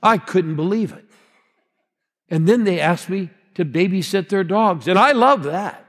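A man's voice: high-pitched, animated, unhurried. A man in his sixties preaching a sermon as a pastor, rousing and calling out to the congregation. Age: 60s. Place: large church hall. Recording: long hall reverb.

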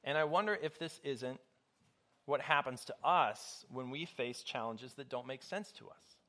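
A man's voice: medium pitch, a bit bright. A male pastor preaching a conversational sermon, mixing scripture with a self-deprecating personal story.

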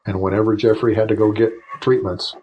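A man's voice: lowish voice, level tone, fairly quick, dark tone, a little hiss or hum, rough recording. A man in his fifties, a retired Air Force officer, telling long emotional stories as a podcast guest, with restarts and asides. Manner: rambling, emotional anecdotes with many restarts. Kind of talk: storytelling in a casual interview.

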